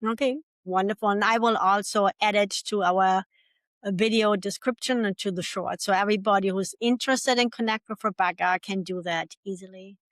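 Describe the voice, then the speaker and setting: Brief: woman podcast host, sign-off and plugs, even mid voice, dry recording. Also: mid-range voice, normal speed, dry recording. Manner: warm thanks, then channel plugs and a read disclaimer.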